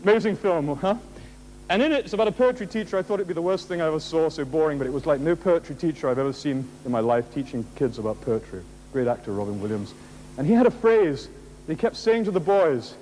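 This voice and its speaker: Male motivational speaker, high and very expressive voice, jokey storyteller, faint hum on the recording. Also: quick pace, rough recording. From England. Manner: animated, jokey, rhetorical questions, laughs at his own stories. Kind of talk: motivational speech to an audience.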